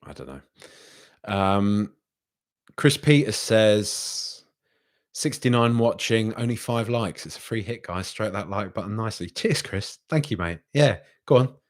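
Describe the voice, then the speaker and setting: A young man hosting a live football reaction stream and reading out viewer comments in a chatty, animated way, often repeating himself. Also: lowish voice, unhurried. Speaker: football podcast host.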